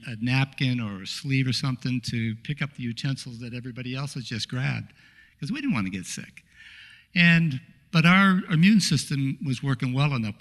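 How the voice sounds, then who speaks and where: A middle-aged man telling a humorous personal story during a church talk, easygoing and anecdotal, with frequent pauses to say uh. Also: mid-range voice, a bit bright. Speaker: guest speaker at a congregation.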